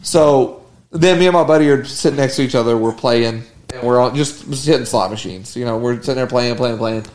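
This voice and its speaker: A man co-hosting a podcast, telling a long anecdote in casual, animated chat with plenty of swearing. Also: mid-range voice, brisk, a little hiss or hum. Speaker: podcast co-host.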